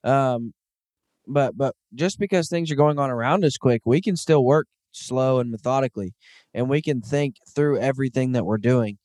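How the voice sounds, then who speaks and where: A man's voice: medium pitch, normal speed, a little mellow, no room sound, clean studio sound. A man in his thirties hosting a casual podcast, talking earnestly and enthusiastically with frequent "um"s. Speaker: podcast host. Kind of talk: casual hunting podcast chat.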